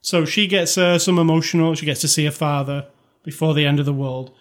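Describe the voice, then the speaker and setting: A man's voice: on the high side, flat delivery, brisk. A man co-hosting a casual movie review chat, rambling and conversational with lots of fillers. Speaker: podcast co-host.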